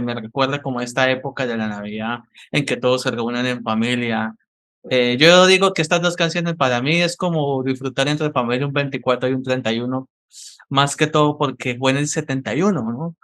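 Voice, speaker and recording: A male host asks eager, long-winded questions. The recording is dry and close, with a mid-pitched voice. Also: fairly bright tone, dry recording. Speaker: interviewer host.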